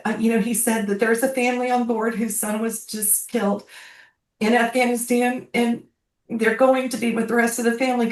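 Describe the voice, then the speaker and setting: A woman in her sixties telling a personal story on a video call, heartfelt and halting, her voice climbing high when moved. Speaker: guest speaker, bereaved military mother. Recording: roomy, distant from the mic.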